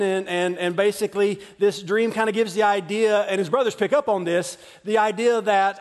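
Man in his forties preaching, high voice, chatty asides, echo from a big hall. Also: fairly even intonation, moderate pace, hardly any pauses. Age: 40s. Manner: chatty, self-deprecating, frequent restarts and asides. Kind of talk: conversational sermon storytelling. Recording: long reverb of a large hall.

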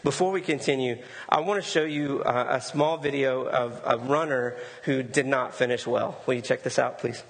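A man's voice: medium pitch, steady tone, moderate pace, hardly any pauses. A male pastor preaching a sermon in a conversational way, often repeating words for emphasis. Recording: long hall reverb.

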